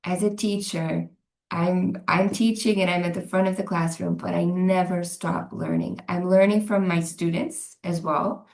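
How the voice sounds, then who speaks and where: A woman's voice: fairly low pitch, fairly even intonation, a little slow, creaky, a little mellow. A woman from Northern Ireland with a Northern Irish accent, an English teacher answering interview questions earnestly and thoughtfully. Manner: thoughtful, earnest, restarts words. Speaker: English language teacher, guest. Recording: echoey room.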